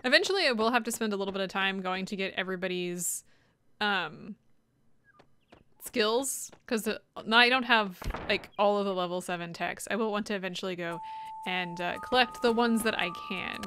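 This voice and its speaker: A woman's voice: mid-range voice, normal speed, a bit bright, a little hiss or hum. A woman casually commenting while playing a game, chatty and thinking aloud. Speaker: game streamer. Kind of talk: casual let's-play commentary. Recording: game music behind.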